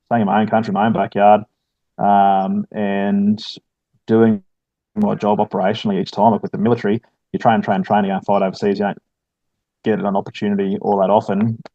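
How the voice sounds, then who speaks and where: A man's voice: fairly low pitch, little pitch movement, fairly quick, no echo, muffled recording. A middle-aged Australian man, a firefighter and former soldier, chatting casually with lots of fillers and "mate". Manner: laid-back, many fillers, says "mate" often. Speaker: guest, firefighter and army veteran. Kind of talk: casual podcast chat.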